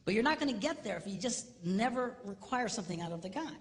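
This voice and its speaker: An older man, fast-talking with a voice that sits high, performs a funny marriage seminar live in a big hall, shifting from booming to hushed and imitating other people. Long reverb from the hall and faint background noise fill the recording.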